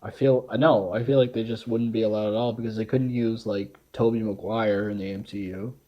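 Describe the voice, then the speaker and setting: A young man co-hosting a casual podcast chat, easygoing, with short agreeing replies and quick laughs. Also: on the low side, steady tone. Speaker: podcast co-host. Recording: dull lo-fi sound.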